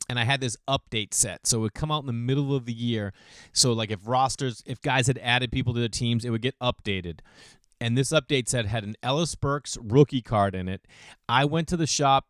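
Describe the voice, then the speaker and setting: A man in his forties telling rambling, self-deprecating stories in a casual monologue, clearing his throat now and then. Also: no echo, studio quality. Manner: rambling, self-deprecating, gets louder and higher when excited. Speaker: podcast host.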